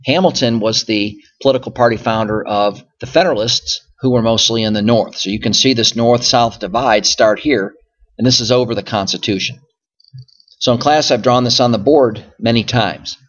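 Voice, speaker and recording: A male history teacher delivers a recorded classroom lecture over slides in a medium-pitched voice at a moderate pace, and the highs in the audio are cut off. He explains patiently, often circling back with "so again" and "okay?".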